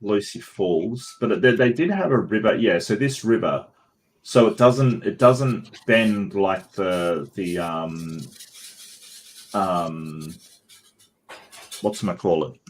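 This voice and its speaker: A man hosting a casual panel discussion, halting and full of fillers and restarts. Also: fairly low pitch, a little hiss or hum. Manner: hesitant, many fillers and restarts. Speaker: host.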